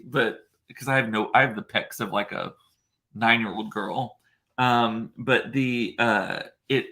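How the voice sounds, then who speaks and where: A man with a deep, gravelly voice chats casually on a livestream. He rambles from thought to thought, filling pauses with ums and poking fun at himself. His pitch sits in the middle range for a man. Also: pushed and bright. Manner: chatty, rambling, self-deprecating, many fillers. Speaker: livestream host reading viewer comments. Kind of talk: casual chat.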